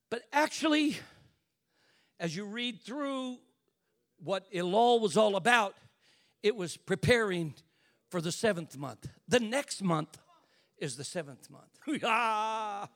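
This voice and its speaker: An older man preaching an impassioned sermon as a bishop, dropping to hushed asides and rising to shouts. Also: high voice.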